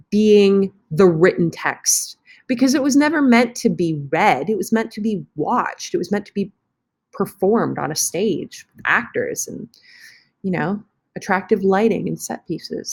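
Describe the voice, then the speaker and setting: This woman, a teacher, talks chattily through an on-screen online lesson, fixing her own slips while clicking about, recorded on a computer mic. She has a medium-pitched, slightly rough voice.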